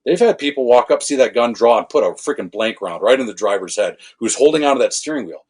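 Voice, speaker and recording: Brief: male podcast guest, ex-officer, husky mid-pitched voice, lively storyteller who catches his own swears. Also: quick pace. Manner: animated anecdotes with acted quotes, self-correcting swears. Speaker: podcast guest, former law enforcement officer. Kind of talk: casual storytelling conversation.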